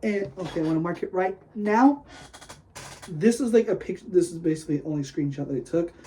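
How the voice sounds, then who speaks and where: A man hosting a casual solo podcast, rambling excitedly with lots of "like" and "dude", gushing one moment and griping the next. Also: high voice, fairly quick, poor audio. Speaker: podcast host.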